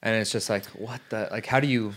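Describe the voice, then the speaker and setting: A man's voice: fairly low pitch, steady tone, a little fast, a bit bright. A man hosting a casual podcast, laughing often and talking loosely with some swearing. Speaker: podcast host.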